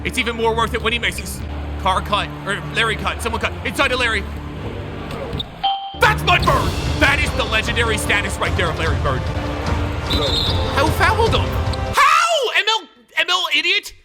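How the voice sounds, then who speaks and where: High, lively man calling his game. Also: normal speed, long pauses. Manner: excitable, shouts and groans at the game. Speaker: gaming video host. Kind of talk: live gameplay commentary. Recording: loud game music behind the voice.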